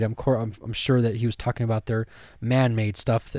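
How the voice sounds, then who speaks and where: A man leads a casual Bible study in a mid-range voice at a brisk pace, using many fillers and restarts and sometimes getting excited. The sound is clean studio quality with no echo.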